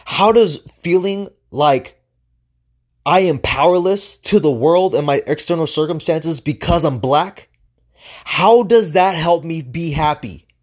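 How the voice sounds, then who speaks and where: A man's voice: fairly high pitch, a little slow, darkish tone. Man, podcast host, motivational monologue, profane, emphatic, rhetorical questions.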